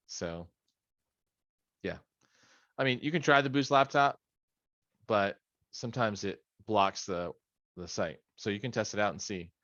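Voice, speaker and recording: A man's voice: on the low side, a bit bright, dry recording, highs cut off. A middle-aged man leading a study session on a video call from his home office, in a casual, rambling way with joking asides. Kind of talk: casual training talk.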